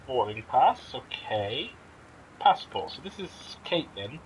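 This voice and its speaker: A man's voice: mid-range voice, very animated, slow, slight background noise, poor audio. A man casually commenting while he plays and streams a game, thinking aloud and reacting as he explores. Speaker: let's play streamer.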